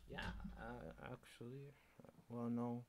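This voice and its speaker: A man's voice: medium pitch, little pitch movement, takes it slowly, very noisy. A young man streaming, rambling in a casual monologue, sardonic and swearing freely.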